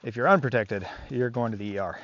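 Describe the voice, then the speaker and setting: A man's voice: mid-range voice, fast talker, fairly bright tone, dull audio. A man working as a dog trainer, talking casually to the camera on an outdoor walk, rambling and reflective with many fillers.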